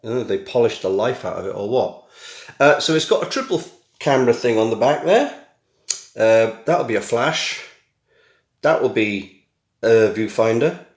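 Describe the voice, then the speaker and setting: A man's voice: mid-range voice, lively intonation, normal speed, long pauses. Chatty British man in an echoey room. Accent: British English. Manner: chatty, self-mocking, wisecracking asides. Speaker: tech vlogger. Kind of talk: casual unboxing chat. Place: small room at home. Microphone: camera mic.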